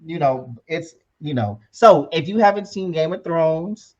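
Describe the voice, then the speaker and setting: A man's voice: on the high side, expressive, unhurried, muffled recording. A man co-hosting a podcast in an upbeat, preachy tone, often tagging "right?" onto his points. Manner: upbeat, preachy, often adds "right?" and "you know what I'm saying". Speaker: podcast co-host. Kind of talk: casual motivational podcast chat.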